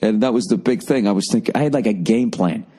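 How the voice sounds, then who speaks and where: A man in his forties hosting a podcast alone, rambling through a comic story with heavy swearing and sudden shrill put-on voices for the people he quotes. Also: fast talker, warm tone. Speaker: podcast host. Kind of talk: rambling comedic monologue.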